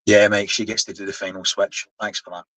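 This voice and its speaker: A man's voice: fairly low pitch, level tone, a little fast, a bit bright, dry recording, poor audio. A man in his seventies with a Scottish accent, chatting casually on a live stream, explaining things while he reads the chat. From Scotland. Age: 70s. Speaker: livestream host.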